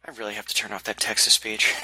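A man's voice: on the low side, monotone, quick pace, pushed and bright, slightly rough, dry recording, rough recording. A man in a casual group chat, talking in a chatty, teasing way.

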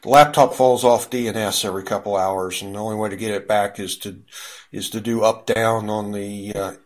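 A man's voice: lowish voice, steady tone, a little fast. A man hosting a casual group chat, rambling with many fillers and restarts.

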